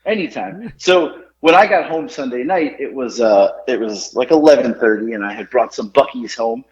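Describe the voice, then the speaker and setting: A man in his forties telling stories on a casual podcast, animated and laughing often. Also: mid-range voice, moderate pace. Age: 40s. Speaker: podcast co-host. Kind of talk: casual storytelling chat. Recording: roomy, dull lo-fi sound.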